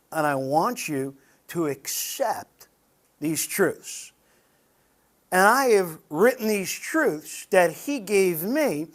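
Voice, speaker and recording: Earnest man preaching to a men's group. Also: high-pitched. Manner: earnest, personal, addresses the audience directly. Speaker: men's ministry speaker. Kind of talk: conversational sermon. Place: meeting room with a live audience.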